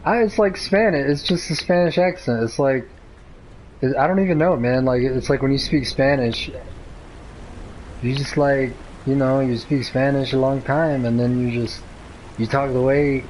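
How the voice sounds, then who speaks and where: Brief: a young man of average pitch, relaxed and profane, rambling through casual talk over a game. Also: normal speed, slight background noise, rough recording. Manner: laid-back, profane, rambling. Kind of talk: casual chat while gaming.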